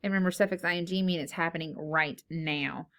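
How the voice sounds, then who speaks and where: A woman's voice: fairly low pitch, fairly even intonation, moderate pace, fairly bright tone. A woman teaching a phonics lesson to young children, patiently asking questions and then answering them herself.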